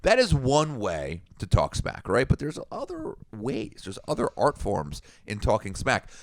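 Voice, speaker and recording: A man's voice: mid-range voice, huge pitch swings, measured pace, vocal fry, no room sound. A man in his thirties co-hosting a podcast, telling a casual story in a rambling way with frequent restarts. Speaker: podcast co-host.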